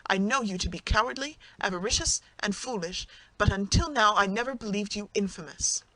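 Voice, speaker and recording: An audiobook narrator voicing a passionate young woman who reproaches her husband indignantly, in a clear reading voice. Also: mid-range voice, animated, brisk, a bit bright, no echo, poor audio. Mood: scornful.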